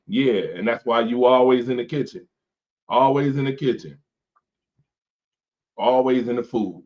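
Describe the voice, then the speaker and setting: A man's voice: on the low side, normal speed, pauses often. A man hosting a late-night sports talk stream, joking loosely and reading viewer comments aloud. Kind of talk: casual chat with viewers. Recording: dull lo-fi stream audio.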